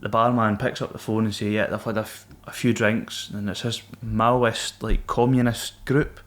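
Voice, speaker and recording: The voice is lowish and the pace normal as a Scottish man who once served in the Royal Marines tells podcast stories. His storytelling is casual and animated, peppered with swearing and broken up by laughs mid-story.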